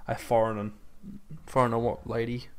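A man's voice: medium pitch, flat delivery, moderate pace, clean tone. A young man hosting a casual podcast, joking around and hesitating with fillers. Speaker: podcast host. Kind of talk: casual chat.

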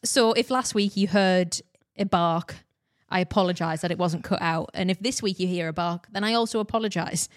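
A woman's voice: fairly low pitch, normal speed. A woman co-hosting a podcast, chatting casually and giggling. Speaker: podcast co-host and editor.

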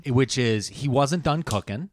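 Animated, expressive male podcast co-host. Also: medium pitch, a little slow, no echo, studio quality. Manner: animated, profane, jokey storyteller. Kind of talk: casual storytelling chat.

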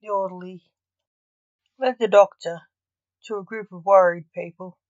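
A woman, the author, reading her own story aloud in slow, measured storybook narration. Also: mid-range voice, steady tone, darkish tone, dry recording, highs cut off.

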